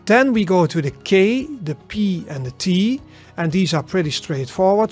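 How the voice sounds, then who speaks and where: A man from the south of the Netherlands with a southern Dutch accent, teaching pronunciation in a relaxed, casual way. He repeats words slowly and often checks in with "right?". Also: high voice, faint music behind. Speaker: language teacher.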